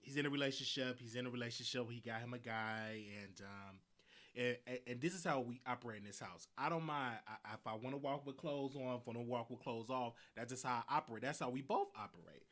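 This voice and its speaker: A man with a Southern US accent hosts a live show, talking fast in a medium-pitched voice. He tells a rambling story in a loose, animated way, repeating himself and laughing often.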